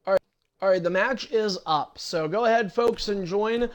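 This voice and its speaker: Profane, impatient high-voiced young man. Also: moderate pace. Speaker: online wrestling league host. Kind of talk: casual livestream talk while setting up matches.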